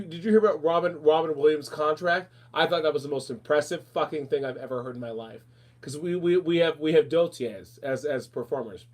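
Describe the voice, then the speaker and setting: Animated man chatting casually. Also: a little high. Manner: animated, rambling, calls people darling and honey. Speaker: podcast host. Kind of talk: casual chat.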